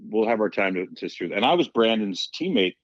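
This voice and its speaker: A man with a fairly low voice tells stories in a loose, conversational way. He jumps into the voices of the people in his anecdotes. The sound is dry and a little dull, with no room echo. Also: fairly quick. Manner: animated storyteller, acts out quotes. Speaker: podcast guest, former hockey player. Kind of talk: casual storytelling.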